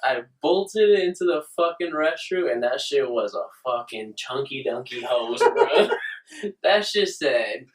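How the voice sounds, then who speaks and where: A man's voice: medium pitch, expressive, takes it slowly. A young man hosting a podcast, telling an embarrassing story in casual, profane chat with frequent laughs. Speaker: podcast host. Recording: roomy, distant mic.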